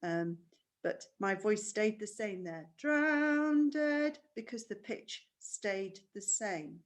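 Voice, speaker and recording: A woman's voice: mid-range voice, fairly even intonation, slow. A woman teaching a primary school music lesson online, patient and explaining step by step with questions.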